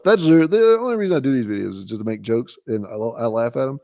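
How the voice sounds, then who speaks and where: Gravelly, teasing man roasting his friends. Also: medium pitch, expressive, fast talker, warm tone, no room sound, clean studio sound. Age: late 30s. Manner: teasing, self-mocking, mock-exasperated rants. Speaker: fantasy league commissioner. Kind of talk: casual joking league recap.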